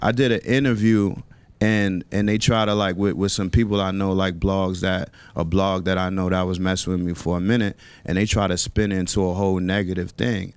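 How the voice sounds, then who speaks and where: Radio guest: New man, relaxed street slang, smooth low voice, dry studio mic. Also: fairly quick, no echo. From New York. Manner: laid-back slangy talk with many fillers. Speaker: rapper and songwriter guest. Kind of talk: casual radio interview.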